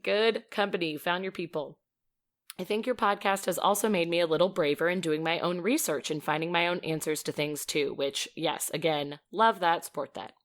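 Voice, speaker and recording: A woman co-hosting a podcast in casual chat, chatty and expressive, laughing often as she reads a listener's email aloud. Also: on the low side, moderate pace. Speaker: podcast co-host.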